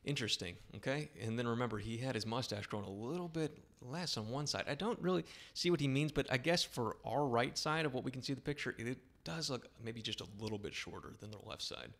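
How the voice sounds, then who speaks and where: A man's voice: medium pitch, animated, quick pace, hardly any pauses, a bit bright. A man hosting a live-stream podcast, describing a viewer's beard in easygoing, descriptive chat with plenty of filler words. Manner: easygoing, descriptive, lots of 'um' and 'okay'. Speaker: show host, style consultant.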